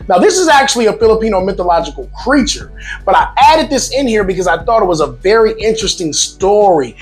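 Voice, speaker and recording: A man hosting a casual vlog, talking to viewers in a lively, joking way with emphatic asides. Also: high voice. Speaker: vlog host.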